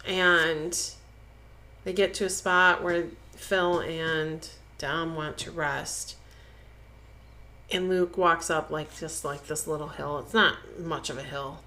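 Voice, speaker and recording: A woman with a lowish voice co-hosts a podcast in a casual chat. She retells a story with animation and briefly voices each character as she goes. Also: steady tone, slow pace, fairly bright tone. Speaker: podcast co-host.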